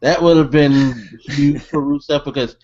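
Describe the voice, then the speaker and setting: A man's voice: fairly high pitch, measured pace, a crowd in the background. A man chatting casually on a podcast, easygoing and chiming in with his view. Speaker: podcast co-host. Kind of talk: casual chat. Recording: muffled lo-fi audio.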